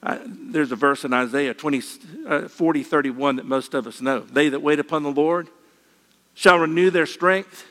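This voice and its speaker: An older man preaching a sermon, folksy and gently humorous, with repeated phrases. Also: on the high side, moderate pace, in a large hall.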